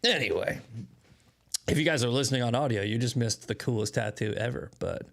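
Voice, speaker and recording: A man's voice: mid-range voice, a little fast, vocal fry, fairly bright tone. A man hosting a casual daily news livestream, rambling and self-mocking with lots of restarts, short on sleep and drinking coffee. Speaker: host of daily news commentary show.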